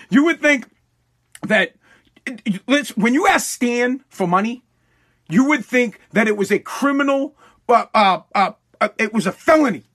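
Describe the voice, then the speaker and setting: A man's voice: very high-pitched, expressive, a little slow, a bit bright. A man telling a casual story bluntly, full of swearing and restarts. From Massachusetts.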